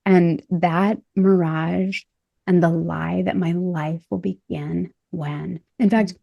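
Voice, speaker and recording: A woman's voice: lowish voice, fairly even intonation, slow pace, creaky, dry recording, lo-fi sound. A woman in a casual podcast conversation who talks animatedly, laughs often and acts out what people said. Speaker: podcast host and body image coach.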